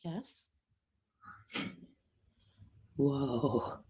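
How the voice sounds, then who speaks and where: A woman running a spirit box session, talking to camera in a halting, soft-spoken, earnest way with frequent hesitations. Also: extremely low pitch, breathy edge. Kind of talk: casual talk to camera.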